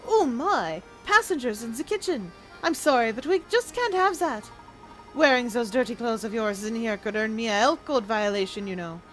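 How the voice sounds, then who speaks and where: A fussy, talkative train cook with a highish voice, as a woman puts him on, quick to scold and then sheepish. He rambles like a video game side character. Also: lively intonation, a bit bright, soft background music. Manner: fussy, chatty.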